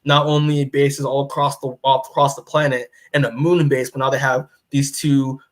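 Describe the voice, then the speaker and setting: A young man co-hosting a podcast, casually retelling a comic story in a rambling way, full of fillers and quick acted-out character lines. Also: medium pitch, little pitch movement. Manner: rambling, lots of "like" and restarts, acts out characters' lines. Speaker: podcast co-host recapping comics. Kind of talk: casual chat.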